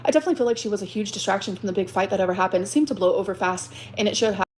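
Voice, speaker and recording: A woman's voice: medium pitch, expressive, very fast, a little mellow, slight background noise. A woman on a livestream telling how she was hurt, swearing often and repeating lines for effect. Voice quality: exaggerated dramatic repetition. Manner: profane, aggrieved, rising to outbursts. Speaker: livestreamer telling her story. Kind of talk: emotional venting on a livestream.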